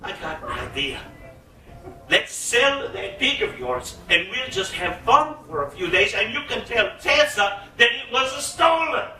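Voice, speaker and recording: Man doing a sly, scheming trickster, lower and coaxing, echoey room, distant mic. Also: animated, measured pace, bright, forceful tone, soft background music, heavily acted. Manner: coaxing, conspiratorial. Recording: roomy echo, mic at a distance.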